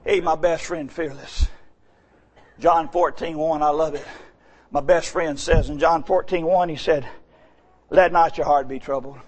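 A middle-aged male pastor, preaching a sermon in a shouting cadence that drops to quiet storytelling. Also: a little high, steady tone, measured pace.

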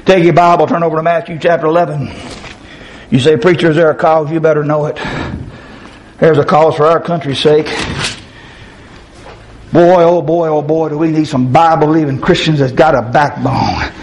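A middle-aged man preaching a fiery revival sermon, swinging between shouted high bursts and low, growling stretches. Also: steady tone, a little fast, a little hiss or hum, rough recording.

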